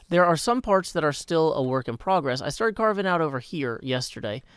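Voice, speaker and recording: A man in his thirties streams a building game with a voice still rough from waking up. He rambles easily, breaking off to answer chat. The sound is dry and close, with no room around it. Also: mid-range voice, fairly bright tone, dry recording. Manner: rambling, chatty, answers chat mid-thought. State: hoarse morning voice. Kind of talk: live-streamed game commentary.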